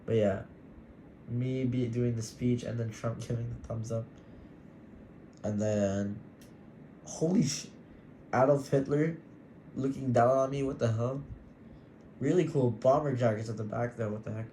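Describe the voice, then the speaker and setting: A man's voice: mid-range voice, fairly even intonation, normal speed, long pauses, mellow, a little hiss or hum. A young man rambling through a casual personal podcast, giddy and affectionate. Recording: roomy echo with faint ambience.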